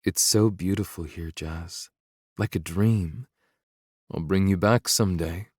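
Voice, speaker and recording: A man voicing a gentle young woman. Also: low voice, unhurried, slightly rough, no echo, clean studio sound. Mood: tender, pleading.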